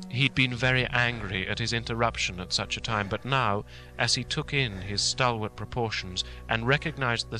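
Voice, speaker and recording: A man narrates a classic novel in a steady, dramatic manner. His tone is bright and forward, with middle pitch. Faint film music sits low behind him. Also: low-quality recording. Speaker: audiobook narrator. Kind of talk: scripted narration.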